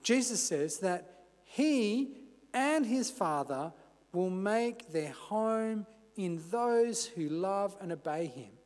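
A man preaching a sermon as pastor, measured and unhurried, with the odd casual aside. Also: high-pitched, expressive, a little mellow, in a large hall. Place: church.

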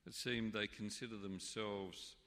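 Male pastor, wry sermon delivery, bright forceful voice, church reverb. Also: fairly low pitch, fairly even intonation, a little slow.

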